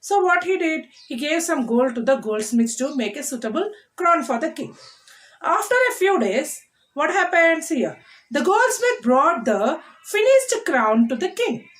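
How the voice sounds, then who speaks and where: Woman teacher, high voice, repeats words for kids to say back. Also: very animated, unhurried, fairly bright tone. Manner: repetitive, drilling words for children to repeat. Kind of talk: classroom lesson explanation.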